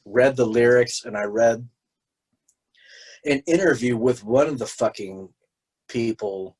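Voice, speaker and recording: A man's voice: mid-range voice, measured pace, pauses often, darkish tone, husky, low-quality recording. A young man co-hosting a casual podcast, rambling and swearing a lot, often restarting his sentences. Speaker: podcast co-host. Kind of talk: casual chat.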